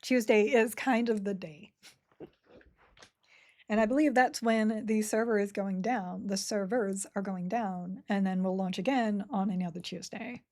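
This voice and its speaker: A woman's voice: mid-range voice, fairly even intonation, unhurried, a little mellow. A woman chatting casually and giggling as she streams a game and reads chat. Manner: chatty, giggly, self-mocking. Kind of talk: casual live-stream chat while playing.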